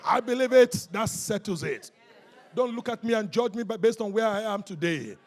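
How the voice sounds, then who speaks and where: A pastor preaching a rousing sermon at a church service, calling out to the congregation and often shouting. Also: male voice, high voice, animated, normal speed.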